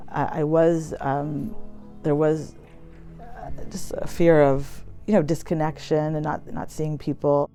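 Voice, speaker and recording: A woman's voice: sits low, dark tone. An American woman, a poet and academic, telling a personal story in a chatty, reflective way with many fillers. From United States.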